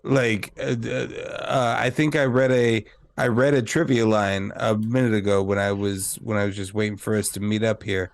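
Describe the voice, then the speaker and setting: A man's voice: fairly low pitch, steady tone, moderate pace, few pauses. A man in a casual film review chat who talks hesitantly, restarting his sentences and laughing along. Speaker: podcast co-host.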